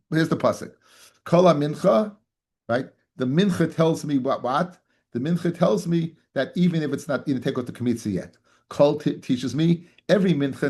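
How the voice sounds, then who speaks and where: A man's voice: on the high side, darkish tone, husky. A man, a rabbi teaching a daily Talmud class, who repeats phrases, fires rhetorical questions at his listeners, calls them "guys" and mixes Hebrew and Yiddish terms into his English.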